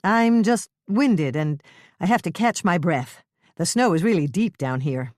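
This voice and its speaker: Shaken woman sleuth, tense and clipped, read by a woman narrator; low voice. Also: unhurried, no echo, clean studio sound. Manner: tense, clipped, forcing calm. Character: shaken woman amateur sleuth, steadying herself.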